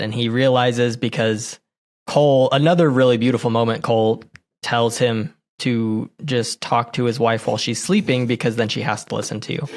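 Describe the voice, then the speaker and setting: A man co-hosting a podcast, chatting casually and earnestly retelling movie scenes. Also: medium pitch. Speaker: podcast co-host. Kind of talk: casual movie review chat.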